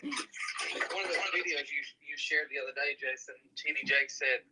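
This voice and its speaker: A man's voice: a little high, moderate pace, background noise. A man chiming into a casual group chat from a little way off the mic.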